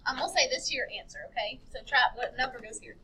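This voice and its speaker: A woman teaching a chemistry class, brisk and affectionate, calling students honey and babe. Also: sits high, pushed and bright, poor audio.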